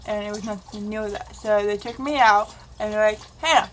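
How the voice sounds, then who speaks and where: A woman's voice: medium pitch, fairly quick, few pauses, rough recording. A woman vlogger telling a rambling, casual confessional story and acting out the dialogue. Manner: rambling, acts out quoted dialogue.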